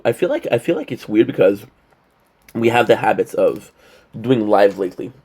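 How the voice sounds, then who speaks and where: A man's voice: medium pitch, moderate pace, a little mellow. A man vlogging to camera in a rambling, joking monologue, short on sleep. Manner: rambling, joking, playful asides. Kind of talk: casual vlog monologue to camera.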